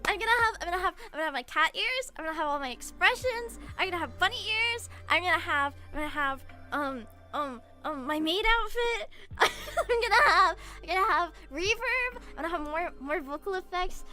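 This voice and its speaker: Young female streamer, very high bright voice, lively up-and-down delivery, giggly gushing chat over faint music. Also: brisk, few pauses. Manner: giggly, gushing, rambling with many "like"s. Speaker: VTuber streamer.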